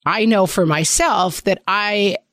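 A woman in her forties co-hosting a podcast, telling stories in a brisk, wry way. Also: mid-range voice, a bit bright, no room sound, clean studio sound. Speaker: podcast co-host. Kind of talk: casual podcast chat.

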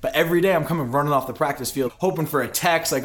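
A man's voice: on the high side, rapid-fire, fairly bright tone. A young man hosting a sports podcast, telling a long story in a rambling way full of "like"s. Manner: rambling, filler-heavy anecdote telling with many "like"s. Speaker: podcast host. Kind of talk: casual storytelling chat.

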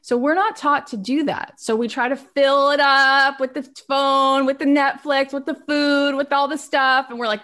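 A woman with a somewhat high voice delivers an earnest self-help talk. She leans hard on her points, then softens her voice, then lifts it again. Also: normal speed, few pauses. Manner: earnest, emphatic, swings between soft and animated. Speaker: inspirational speaker.

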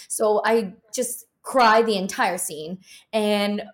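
A young woman, an actress, chatting casually in an interview and telling an animated story with lots of filler words. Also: mid-range voice, slow. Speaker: actress guest.

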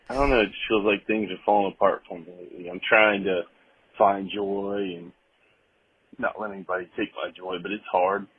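A man's voice: sits low, vocal fry, husky. Choked-up man on a tinny phone line. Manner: halting, heartfelt, choked up. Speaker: caller. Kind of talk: emotional call-in.

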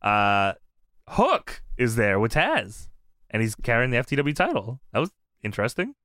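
A man's voice: medium pitch, moderate pace, no room sound, clean studio sound. A man co-hosting a podcast, animatedly retelling events in casual profane chat. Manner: animated storyteller, profane, laughs a lot. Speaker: podcast co-host. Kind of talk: casual chat about wrestling.

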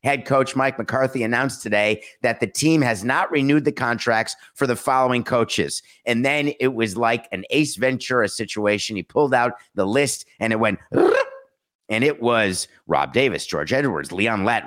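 A man's voice: medium pitch, moderate pace, a bit bright. A middle-aged man hosting a sports talk show, commenting casually with sarcastic, mocking asides. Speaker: sports talk podcast host.

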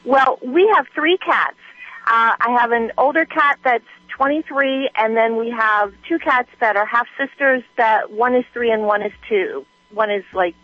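A woman's voice: fairly high pitch, a little slow, pushed and bright, no room sound. A woman calling in to a radio show who chats freely and laughs easily. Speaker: caller. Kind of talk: call-in conversation. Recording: dull, dry phone line.

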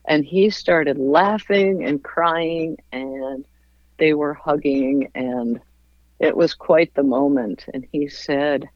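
A woman telling a long personal anecdote in a relaxed interview, acting out the voices of the people in it. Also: sits low, no echo, dull audio. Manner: slow, warm anecdote-telling with voiced quotes and laughs. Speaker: guest. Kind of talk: storytelling in a casual interview.

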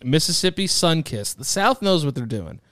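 A man's voice: on the high side, very animated, moderate pace, a bit bright, no room sound, studio quality. A young man co-hosting a podcast, chatting casually with lots of swearing and mock-outraged rants. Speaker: podcast co-host. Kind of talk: casual chat.

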